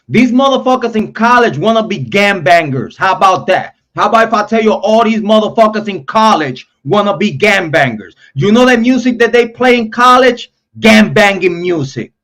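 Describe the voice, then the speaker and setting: A man's voice: sits high, fairly bright tone. A young man hosting a true crime live stream, ranting in a heated, profane, repetitive way. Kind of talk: angry live-stream rant.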